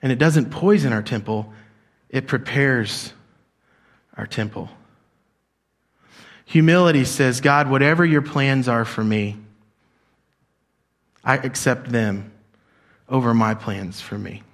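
A middle-aged man preaching a sermon to a congregation in a church, shifting between soft, low emphasis and louder, excited passages, and leading call-and-response. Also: slow, long pauses. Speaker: pastor.

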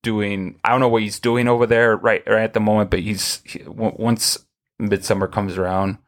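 A man with a fairly low voice hosts a relaxed podcast conversation. He tells long, rambling stories full of restarts and fillers, and his voice jumps higher when he gets animated. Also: normal speed. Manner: rambling, animated storytelling with many restarts and laughs. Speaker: podcast host. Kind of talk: casual chat.

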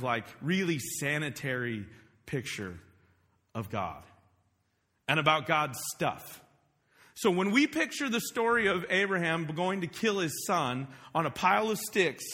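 A man, a parent, preaching a casual, animated sermon on a microphone, sometimes shouting acted-out lines. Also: high voice, long reverb tail. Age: adult parent. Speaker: pastor. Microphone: wearing a microphone.

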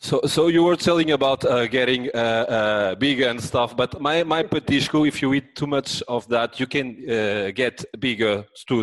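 A man with a French accent and a deep voice, chatting as a guest in a halting way, with many pauses and restarts. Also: no echo, low-quality recording. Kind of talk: casual chat.

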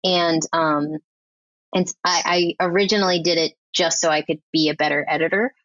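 A woman's voice: low-pitched, fairly even intonation, normal speed, fairly bright tone, dry recording. A young adult woman, a film editor guest, telling stories in a casual, chatty podcast interview full of fillers. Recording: slightly dull lo-fi audio.

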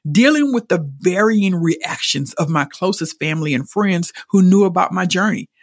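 A middle-aged woman hosting a podcast, speaking openly and earnestly about a personal experience, emotionally expressive and at times repeating herself when moved. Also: on the low side, no room sound, clean studio sound. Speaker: podcast host. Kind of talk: personal reflective monologue.

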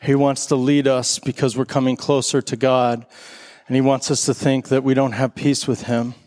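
A middle-aged male pastor preaching a sermon, telling a lively story, then leading communion. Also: moderate pace. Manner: animated storytelling, rising high when excited.

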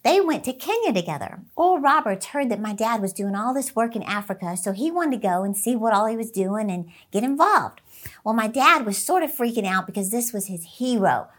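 A middle-aged woman hosting a motivational talk, an excitable storyteller who laughs often. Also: a little high, fairly quick. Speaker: inspirational speaker and channel host.

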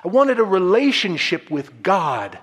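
A man preaches in a measured, reflective way, and his fairly high voice rises and falls in a lively manner. His words linger in a reverberant hall. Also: husky. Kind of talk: sermon with storytelling.

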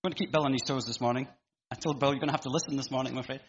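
A man's voice: mid-range voice, fairly even intonation, rapid-fire, breathy edge. Preacher man in a muffled echoing hall. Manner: chatty and joking between readings. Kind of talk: sermon with Bible reading. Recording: muffled with long hall echo.

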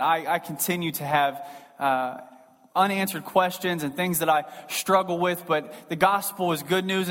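A man's voice: fairly high pitch, a bit bright, long reverb tail. A man preaching a sermon to his congregation in a casual, emphatic way, slipping into acted asides. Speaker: pastor.

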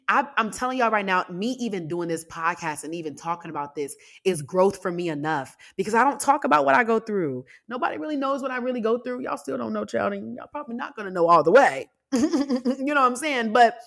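A young adult woman hosting a podcast, telling a personal story in a casual, animated way with asides to her listeners. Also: mid-range voice, a little fast. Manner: lively, animated retelling with laughs and asides to listeners. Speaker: podcast host.

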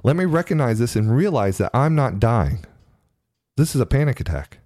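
A man earnestly telling a personal story in a halting way, often repeating his words. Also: mid-range voice, big pitch swings, a little mellow, no echo, studio quality. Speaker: storyteller sharing his experience.

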